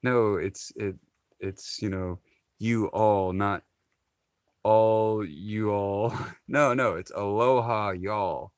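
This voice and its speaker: Slow, low-voiced man rambling casually. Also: no echo. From Hawaii. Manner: laughs often, rambling with many fillers. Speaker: vlogger. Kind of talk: casual chat to camera.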